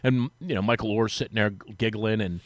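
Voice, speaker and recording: A man on sports radio telling a long anecdote in casual chat, acting out the quotes with a rising, lively voice. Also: on the low side, a little fast, dry recording. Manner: animated, acts out quotes with rising voice. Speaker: sports radio guest, former team reporter. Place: radio studio.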